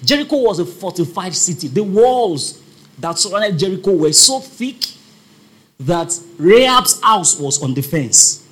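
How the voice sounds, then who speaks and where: A man preaching a sermon, emphatic and fond of repeating his points as he calls out to the congregation. His voice is high and bright, and it swings widely as he speaks. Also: very animated, a little slow.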